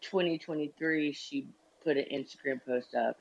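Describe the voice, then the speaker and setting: A man's voice: on the high side, steady tone, normal speed, gravelly, slight background noise. A man rambling hesitantly in a casual group chat. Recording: dull lo-fi remote audio.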